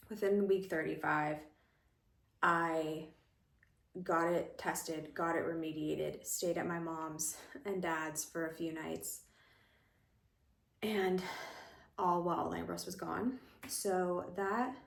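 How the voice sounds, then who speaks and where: This pregnancy vlog finds a young woman chatting casually from a room at home, rambling with lots of fillers and slightly winded. Her voice is gravelly and on the low side, captured with a roomy sound.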